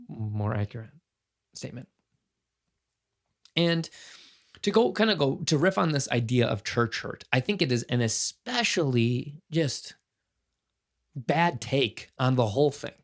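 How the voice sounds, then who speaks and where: A man's voice: medium pitch, creaky. A man in his thirties hosting his own podcast, talking alone in an earnest, impassioned way and thinking aloud with frequent restarts. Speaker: podcast host. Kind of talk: casual solo podcast commentary.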